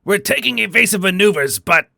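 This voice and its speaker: A man voicing a frantic six-legged insect alien starship captain who shouts his reports. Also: high-pitched, animated, a little fast, vocal fry, no room sound, studio quality, voice pushed up, heavily acted. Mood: panicked.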